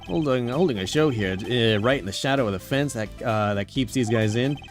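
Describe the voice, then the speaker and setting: A man's voice: mid-range voice, a little fast, faint music behind, natural voice. A man voicing a brash, chummy male detective with a breezy, wisecracking delivery. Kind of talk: game dialogue read aloud.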